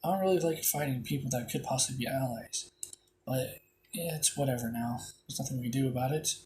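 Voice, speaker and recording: Give me an earnest, polite young hero, as a man voices him in a retelling, mid-pitched. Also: a little fast, a little mellow, slight background noise, lightly acted. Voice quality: plain retelling voice, hardly acted.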